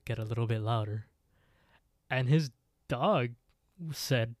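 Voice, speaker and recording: A man's voice: mid-range voice, a little slow, pauses often, no room sound, clean studio sound. A man co-hosting a podcast, retelling a scary story in casual chat with lots of fillers. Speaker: podcast co-host.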